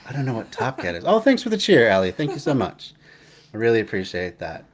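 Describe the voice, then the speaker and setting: A young man hosting a live stream, chatting casually in a rambling, halting way, with many restarts and fillers. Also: medium pitch, wildly swooping pitch. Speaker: livestream host.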